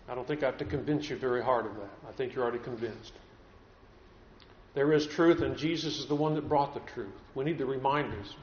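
A man's voice: mid-range voice, a little hiss or hum. A man preaching a sermon to a congregation, earnest, repeating words as he builds his points. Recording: echoey room, dull lo-fi sound.

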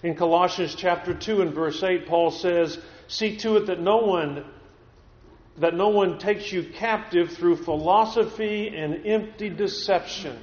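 A man's voice: sits high, a little slow, a little mellow. A man preaching a sermon to a congregation, earnest, repeating words as he builds his points. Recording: echoey room, dull lo-fi sound.

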